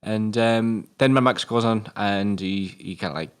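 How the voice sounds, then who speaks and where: A British man co-hosting a film review show, rambling and halting, with lots of fillers and casual swearing. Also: lowish voice, clear, resonant tone.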